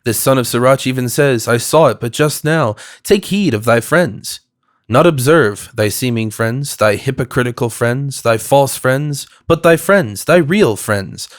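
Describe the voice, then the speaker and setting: A man's voice: medium pitch, expressive, unhurried, close to an everyday voice. A man voicing a glib, flowery cosmopolitan. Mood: earnest. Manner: effusive, rhetorical. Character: glib, smooth-talking male cosmopolitan.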